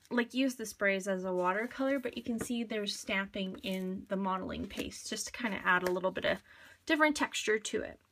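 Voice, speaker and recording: A woman vlogger showing her scrapbook layouts in a casual, rambling show-and-tell chat, full of fillers and quick asides. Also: on the high side, bright, forceful tone. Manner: chatty, rambling, many fillers.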